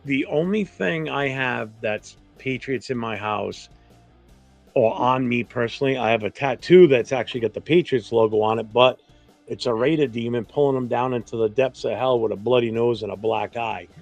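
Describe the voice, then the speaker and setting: A man with a New England accent hosting a casual fan talk stream, blunt, opinionated and quick to swear. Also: mid-range voice, creaky, darkish tone, soft background music. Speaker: fan show host.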